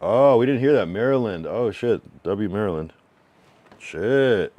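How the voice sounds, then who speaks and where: A man from New England talks with his livestream chat in a deep, low voice. He reads the viewers' messages aloud and gives blunt, slangy feedback. He rambles casually, full of fillers and asides. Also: lively intonation, dark tone, no echo, dull audio. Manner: frank, loose, reads chat messages aloud and answers them; drawn-out slang-filled musing with many fillers.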